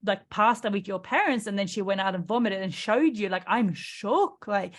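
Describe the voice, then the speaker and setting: Orta perdeden konuşan, rahat ve dolgu sözcükleriyle sohbet eden kadın sunucu. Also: female voice, mid-range voice, normal speed. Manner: chatty, filler-heavy, reacts with short interjections. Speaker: podcast host. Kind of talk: casual interview chat.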